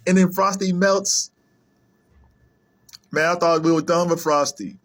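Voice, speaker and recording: A man chatting casually on his own, animated and laughing often, sometimes popping into silly high voices. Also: measured pace, long pauses. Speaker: video creator. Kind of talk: casual solo chat to camera.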